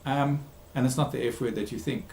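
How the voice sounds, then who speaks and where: A man who works as a therapist gives a recorded talk, speaking emphatically, repeating key words and pausing with frequent ums. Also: medium pitch, steady tone, gravelly, dark tone, roomy sound. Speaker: therapist giving a talk series.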